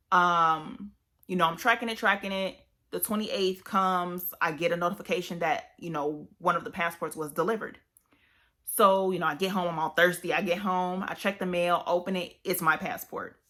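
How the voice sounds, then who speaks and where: A young woman telling a story to her vlog viewers in casual, animated chat full of fillers. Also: fairly low pitch. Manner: animated, chatty, many fillers. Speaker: vlogger.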